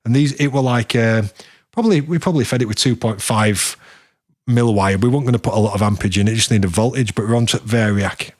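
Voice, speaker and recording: Bloke hosting a podcast, rambles through stories, laughs a lot, dead dry sound. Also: male voice, medium pitch, a little fast, a little mellow, dry recording. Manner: rambling storyteller, laughs often, mimics people he quotes. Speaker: podcast host. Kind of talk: casual chat.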